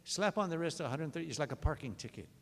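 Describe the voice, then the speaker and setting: A man, a state legislator, rebutting in floor debate with an animated, anecdotal style. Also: fairly high pitch, quick pace. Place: large legislative chamber. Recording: long chamber reverb.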